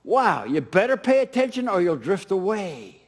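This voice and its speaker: A man's voice: sits high, moderate pace. A middle-aged man preaching a sermon as pastor, emphatic and repeating key phrases. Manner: animated, emphatic preaching with repetitions.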